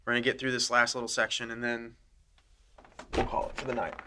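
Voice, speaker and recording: A man's voice: mid-range voice, completely flat delivery, a little fast, background noise. A man giving an informal, earnest teaching talk to a small church group, laying out ideas step by step in a conversational way.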